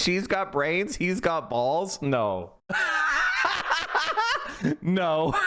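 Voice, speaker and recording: Male streamer, high and lively voice, profane heated rant, swings from yelling to muttering. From Pennsylvania. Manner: reads news passages aloud and reacts. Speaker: political streamer. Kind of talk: ranting livestream commentary.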